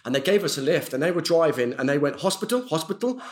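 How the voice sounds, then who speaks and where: A man, a former athlete, telling anecdotes in casual chat, animated and chatty. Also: fairly high pitch, fast talker. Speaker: guest, former Olympic athlete.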